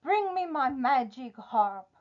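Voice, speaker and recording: A woman teacher reading aloud and voicing a huge, hungry, demanding male giant in a loud, chanting way, on a dull lo-fi recording. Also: high-pitched, very animated, slow pace, heavily acted. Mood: bossy.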